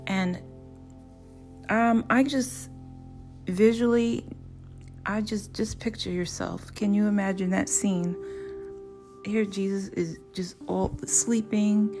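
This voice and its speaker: A woman's voice: medium pitch, slow pace, a little mellow, soft background music. A woman hosting a podcast, praying aloud, reading scripture and telling her own story in an earnest way, often restarting her sentences. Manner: earnest, with frequent restarts and repeated words. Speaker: podcast host. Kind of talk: prayer, Bible reading and personal testimony.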